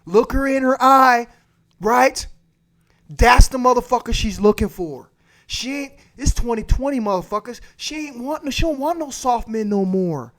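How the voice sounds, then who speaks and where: A man's voice: very high voice, fairly bright tone. A man hosting a livestream, giving blunt, crude advice and repeating his points for emphasis. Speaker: livestream host. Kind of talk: profane advice rant.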